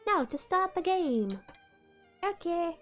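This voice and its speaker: A woman streamer giving lively, laugh-prone commentary while playing a game live. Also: very high voice, faint music behind. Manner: animated, quick to laugh.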